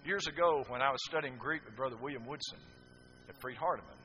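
A male preacher delivering a sermon emphatically, swinging from loud declarations to hushed, drawn-out phrases. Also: mid-range voice, a little hiss or hum. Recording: dull lo-fi sermon recording.

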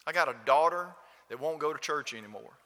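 A man's voice: on the high side, animated, a little fast, bright, forceful tone, big-room sound. A man preaching a sermon who quotes a heartbroken middle-aged mother confiding in him.

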